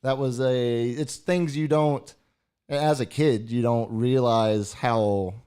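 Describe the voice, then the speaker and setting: A man's voice: mid-range voice, steady tone, slow, dark tone, clean tone. Hesitant, reflective podcast co-host man. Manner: reflective, hesitant, many fillers. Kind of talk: casual chat.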